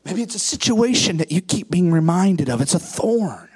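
A pastor preaching a sermon with impassioned rhetorical questions, swinging between hushed asides and shouted peaks. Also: mid-range voice, big pitch swings, moderate pace, breathy edge.

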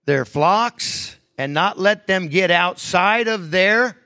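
High-voiced, emphatic male preacher. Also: animated, takes it slowly, no room sound. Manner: emphatic, swinging from hushed to raised. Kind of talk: sermon.

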